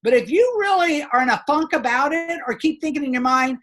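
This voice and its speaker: A middle-aged woman giving an upbeat, emphatic motivational training talk to her sales team, chatty and quick to laugh. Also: high-pitched, fairly bright tone. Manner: laughs between points.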